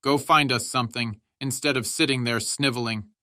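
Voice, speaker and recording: A man voicing a battle-hardened veteran soldier who gives gruff commands. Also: mid-range voice, steady tone, normal speed, sharp tone, no echo, studio quality, close to an everyday voice. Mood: gruff, relieved.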